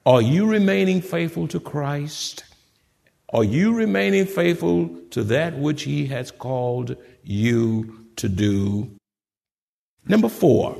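Preacher man, high voice jumping all over, booming for amens, long church echo. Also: expressive, takes it slowly, creaky, a little mellow. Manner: fervent preaching, calls for amens from the congregation. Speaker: pastor. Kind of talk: sermon.

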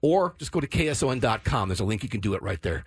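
Tired, earnest man with a husky voice. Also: mid-range voice, very animated, fast talker, dry recording. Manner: earnest, emotional, stammering. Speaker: charity radiothon guest. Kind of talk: call-in appeal.

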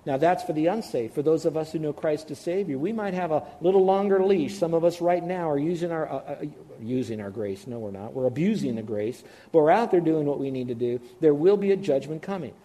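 A man preaching a sermon as pastor, animated, shifting between loud emphasis and hushed, tender asides. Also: on the high side, brisk, few pauses.

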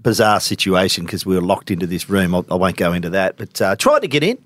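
A man's voice: sits low, very animated, fast, fairly bright tone, no echo. An Australian man co-hosting a casual sports talk show, teasing with dry, mock-innocent humor. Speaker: co-host. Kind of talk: casual podcast banter.

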